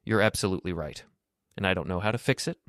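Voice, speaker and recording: A man's voice: low-pitched, fast, a bit bright, no room sound, studio quality. A man voicing a remorseful father in his sixties, apologetic and pleading in a storybook reading. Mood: tearful. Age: 60s.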